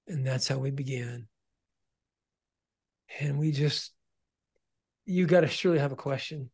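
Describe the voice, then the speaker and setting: A man telling an emotional testimony about starting his ministry, earnest, often restarting and repeating words, dropping to a hush when quoting. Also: medium pitch, measured pace, gravelly, long pauses, husky. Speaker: ministry founder and guest.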